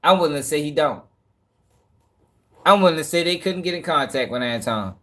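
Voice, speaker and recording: A man's voice: fairly high pitch, expressive, fairly quick, a bit bright. A man co-hosting a talk show in casual, skeptical commentary. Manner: skeptical, emphatic. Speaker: co-host.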